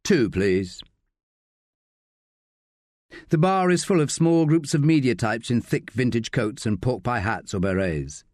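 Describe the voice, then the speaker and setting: A man narrating a crime audiobook in measured, scripted storytelling on a close studio mic. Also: medium pitch, lively intonation, a little mellow, dry recording.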